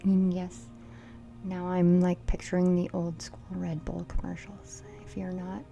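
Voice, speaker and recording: A middle-aged woman doing a casual card reading, playful and giggly, often dropping into a soft whisper. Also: on the low side, completely flat delivery, a little slow, gravelly, faint music behind. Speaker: tarot reader.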